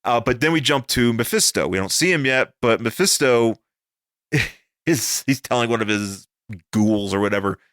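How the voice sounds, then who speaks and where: Man, podcast co-host, casual rambling chat, jokey, bright forceful tone. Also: medium pitch, animated, normal speed, dry recording, clean studio sound. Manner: rambling, jokey, filler-heavy, swears freely. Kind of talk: casual comic-book discussion.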